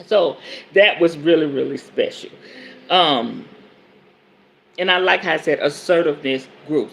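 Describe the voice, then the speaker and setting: A woman's voice: deep voice, a little slow, gravelly, pauses often, slight background noise. A woman in her forties hosting a podcast, reading from a self-help book and breaking off to preach about it in a colloquial, emphatic way. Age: 40s. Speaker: podcast host and spiritual advisor.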